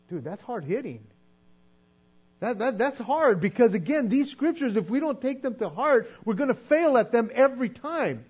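A man preaching a sermon in a conversational way, sometimes acting out quoted voices and dropping to a soft hush. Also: extremely high pitch, big pitch swings, normal speed, slightly rough. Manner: conversational, acts out quoted voices, drops to soft hushed tones. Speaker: pastor. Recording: dull lo-fi sound with mains hum.

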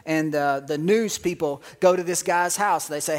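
A man's voice: on the high side, normal speed, few pauses. A man preaching a sermon as pastor, telling joking stories with bursts of laughter.

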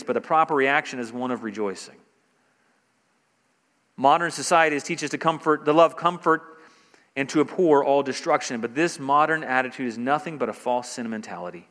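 A male pastor delivers a sermon at a mid pitch, pressing his points with rising emphasis and repeating key phrases. His voice rings out with a long reverb tail, as if from a large church sanctuary. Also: a bit bright.

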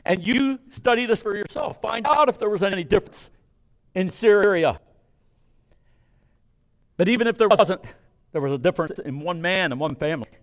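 A man preaching a sermon, reading scripture and retelling it with animated emphasis and conversational asides to his listeners. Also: sits high, normal speed, long pauses.

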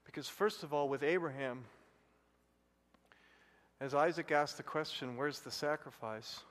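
A male pastor preaching a sermon, telling a personal story and rising to loud, excited bursts. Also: on the high side, unhurried. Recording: long hall reverb.

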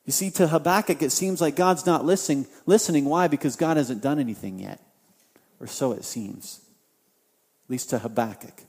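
Impassioned high-voiced male preacher, echoing hall. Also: normal speed, a little mellow, husky. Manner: repeats phrases for emphasis. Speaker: pastor. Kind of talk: sermon. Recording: long hall reverb.

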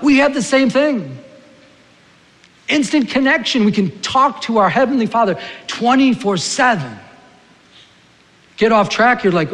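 A man preaching a sermon as pastor, telling everyday stories in an animated way and acting out little scenes. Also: high voice, in a large hall.

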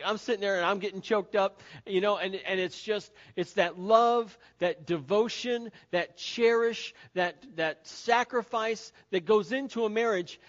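A man preaching a sermon as pastor, earnest and repetitive, often dropping soft and low to stress a point. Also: highs cut off. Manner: earnest, repeating key phrases, drops soft and low for emphasis.

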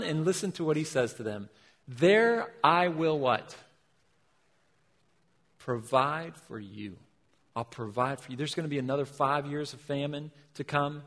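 Animated preacher man in a reverberant hall. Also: on the high side. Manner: animated preaching with rhetorical questions to the congregation. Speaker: pastor. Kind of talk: sermon.

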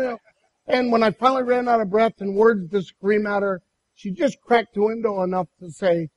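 High gravelly-voiced male preacher. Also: normal speed, low-quality recording. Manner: animated storytelling with many restarts. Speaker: pastor. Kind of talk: sermon with personal story.

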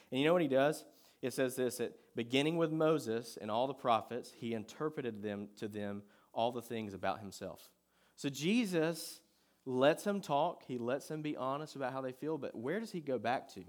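A man's voice: mid-range voice, expressive, normal speed. Conversational male pastor preaching. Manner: conversational preaching, shifting between loud emphasis and quiet reading. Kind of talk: sermon.

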